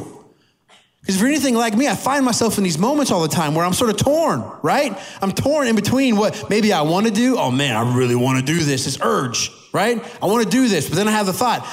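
A man preaching a sermon to a church audience, animated and emphatic, slowing down and speeding up for emphasis. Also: high voice. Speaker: pastor.

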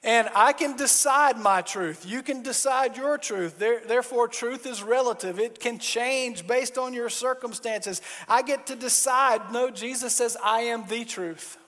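A man with a very high voice delivers a sermon with lively, emphatic preaching. He slips into quick mock dialogues before landing on strong declarations. His voice rings with long reverb, as in a large hall. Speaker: pastor.

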